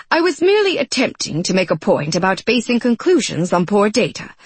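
A woman's voice: medium pitch, breathy edge, no echo. A woman doing a flustered male court astronomer. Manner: hesitant, stammering start.

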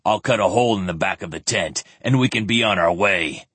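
A gruff, scornful warrior who growls his words low, as a man reads him aloud in a storybook. The voice is husky and dry, close to the microphone. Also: a little fast, a bit bright, no echo. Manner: growling, muttering. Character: gruff, contemptuous male servant-warrior.

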